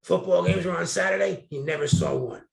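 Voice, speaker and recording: Gravelly middle-aged man telling stories. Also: high-pitched, a little fast, crowd noise. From New Jersey. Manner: candid, colorful storyteller. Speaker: guest. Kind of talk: storytelling interview. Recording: roomy echo.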